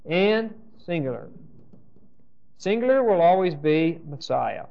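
A man with a fairly high voice leads a Bible lecture, reading verses aloud and quizzing his class. He keeps checking in with an "okay?" as he goes. The recording is dull and lo-fi. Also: sing-song, measured pace, vocal fry, darkish tone. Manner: checks in with the class, asking questions and saying "okay?"; reads scripture aloud and explains it. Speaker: Bible teacher.

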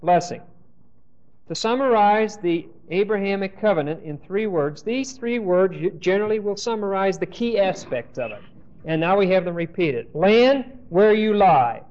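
A man with a fairly high voice leads a Bible lecture, reading verses aloud and quizzing his class. He keeps checking in with an "okay?" as he goes. The recording is dull and lo-fi. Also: moderate pace, a little mellow. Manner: checks in with the class, asking questions and saying "okay?"; reads scripture aloud and explains it. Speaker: Bible teacher.

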